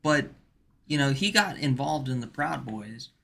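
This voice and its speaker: A man's voice: mid-range voice, lively intonation, a little slow, gravelly, bright, forceful tone. A man streaming, chatting casually in a rambling way with many fillers and restarts. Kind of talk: casual chat.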